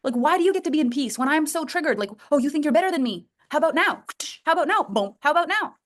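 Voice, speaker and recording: A woman voicing a taunting adult who pesters and goads a calm person in a mocking, sing-song way. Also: extremely high pitch, unhurried, voice pushed up. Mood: goading.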